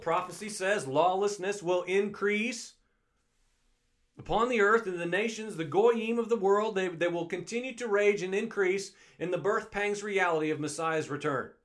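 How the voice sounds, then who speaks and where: Male preacher, high-pitched voice, earnest, pleading, repeats himself. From United States. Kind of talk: online sermon.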